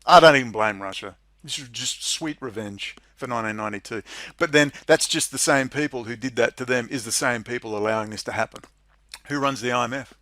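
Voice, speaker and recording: A man reading out a policy document and ranting about it in sarcastic commentary, often breaking into mocking, high-pitched laughter. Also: a little fast, bright, forceful tone, no echo, studio quality. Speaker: political commentary vlogger.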